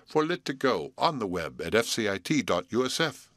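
A man reading a children's storybook aloud as audiobook narrator, expressive. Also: on the low side, moderate pace, no room sound. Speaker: audiobook reader.

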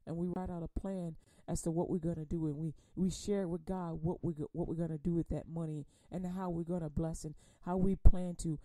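A woman teaching a Bible study in a conversational preaching manner, repeating words and using folksy phrasing, then reading scripture slowly and with emphasis. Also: sits low, dark tone, no echo. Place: radio program.

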